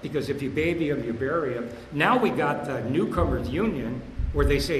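A man in his sixties telling his recovery story at a meeting, rambling and repeating himself in blunt, streetwise talk, getting louder and higher on his punchlines. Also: animated, moderate pace, few pauses. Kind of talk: personal recovery share. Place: meeting hall. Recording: echoey hall with room hum.

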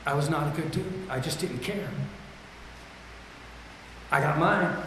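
A man with a slightly higher-than-average voice tells his recovery story with raw, self-deprecating candor. His words ring out through a large hall with long, echoing reverb, and a faint room ambience sits underneath. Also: takes it slowly, background noise. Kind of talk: candid personal testimony.

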